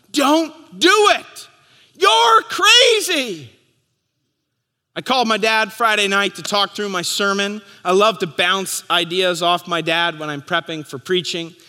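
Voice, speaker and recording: A man in his thirties preaching a sermon as pastor, telling stories and acting out the crowd's shouts. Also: sits high. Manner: storytelling, acting out crowd voices. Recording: long hall reverb.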